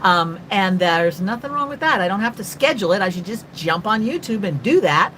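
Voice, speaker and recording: An older woman from North Carolina, USA, hosts a rambling, chatty live stream as an artist and greets her viewers by name. Talkative and quick after her coffee, she has a mid-range, fairly bright voice with lively intonation. The audio is poor, with a little hiss or hum.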